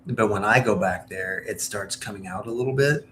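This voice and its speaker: Chatty guy from southern indiana, rambly stream talk, lowish voice, faint hiss behind. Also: normal speed, fairly bright tone. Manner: rambling, chatty, jumps between topics. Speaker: livestream host. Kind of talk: casual chat while baking on stream.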